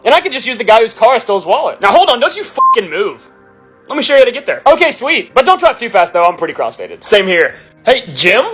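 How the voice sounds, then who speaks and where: Fast, bright sarcastic skit comedian man. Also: sits high. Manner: sarcastic, deadpan punchlines. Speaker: sketch comedian voicing every character. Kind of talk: rapid-fire POV comedy skits.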